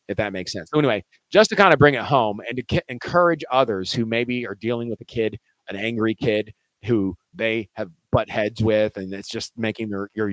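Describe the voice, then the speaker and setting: A man's voice: on the low side, dry recording, rough recording. A male teacher telling a classroom story in a casual, conversational way, full of "you know" and restarts.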